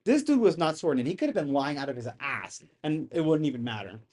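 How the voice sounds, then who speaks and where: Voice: mid-range voice, fairly quick. Exasperated, slangy live streamer. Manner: animated and exasperated, slangy, swears often; rambling, restarts sentences. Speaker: streamer reacting to a hearing. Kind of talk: casual live-stream commentary.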